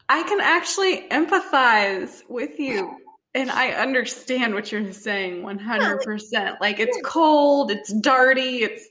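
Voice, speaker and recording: A woman's voice: a little high, animated, takes it slowly, background noise. A young woman in casual chat who jokes, laughs a lot and swears casually.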